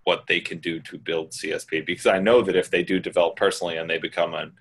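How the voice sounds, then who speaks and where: A man's voice: low-pitched, level tone, fast talker, a bit bright, breathy edge, rough recording. A man hosting a group call, giving direct, blunt business advice in a casual way. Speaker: host answering questions.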